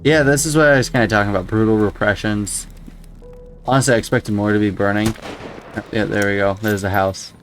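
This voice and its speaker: A man's voice: lowish voice, fairly even intonation, brisk, a little hiss or hum. A man casually commenting on a video game as he plays, rambling and musing aloud with frequent startled exclamations. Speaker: gameplay commentator. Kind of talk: casual let's-play commentary.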